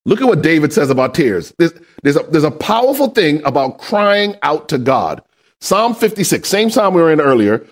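A man preaching a sermon in a high, bright voice that rises and falls with wide swings. He asks the congregation to fill in his sentences and drives his main points home with shouts. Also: very animated, normal speed. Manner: call-and-response questions to the congregation; builds to shouted emphasis. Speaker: pastor.

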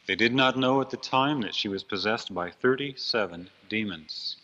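Low forceful male preacher, lo-fi. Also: normal speed. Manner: earnest, dramatic, swells on key phrases. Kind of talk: storytelling sermon. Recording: dull lo-fi recording.

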